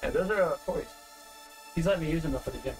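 A young man streaming live, chatting casually and freestyle rapping in a loose, profane, animated way. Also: a little high, fast. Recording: loud music behind the voice.

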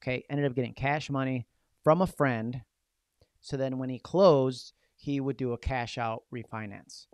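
A man coaching real estate agents in an energetic, punchy seminar talk full of rhetorical questions. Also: medium pitch, moderate pace, clear, resonant tone, no room sound.

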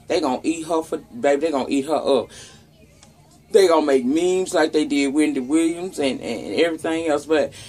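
A woman's voice: low voice, darkish tone. Chatty Southern woman vlogger, salty talk. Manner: chatty, profane, talks straight to viewers as "y'all". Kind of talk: casual commentary on news and gossip.

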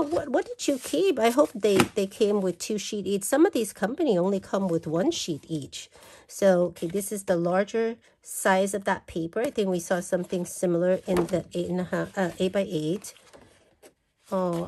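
A woman's voice: mid-range voice, fairly even intonation, measured pace, a little mellow, a little hiss or hum. Gushing woman unboxing craft paper. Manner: gushing, exclaims over everything. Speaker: craft vlogger. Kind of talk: casual unboxing chat.

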